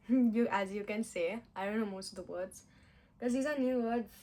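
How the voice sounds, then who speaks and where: A woman's voice: medium pitch, moderate pace, mellow. Chatty, giggly young woman vlogging. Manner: chatty, giggly, self-mocking, with playful mock-Italian put-on phrases. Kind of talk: casual chat while doing makeup.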